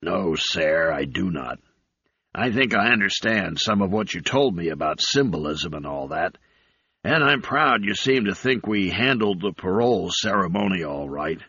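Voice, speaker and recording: Guy doing a stubborn chimp aide, firm and plain, deep voice. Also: lively intonation, moderate pace, pushed and bright, husky, dry recording, exaggerated voice. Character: male uplifted chimp aide, stubborn and blunt. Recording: slightly dull recording.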